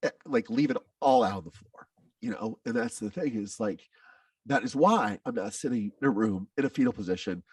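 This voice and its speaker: A man's voice: mid-range voice, lively intonation, a little fast, a little mellow, slightly rough, no echo, studio quality, recorded from a distance. A man who is a podcast guest tells his own story candidly, with intense, blunt talk and frequent swearing.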